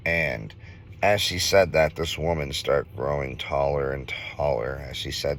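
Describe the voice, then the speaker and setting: A man in his thirties from Minnesota, earnestly telling a ghost story in a casual vlog, halting with fillers. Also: rumbling low, fairly even intonation, a bit bright, slight background noise. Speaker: vlogger.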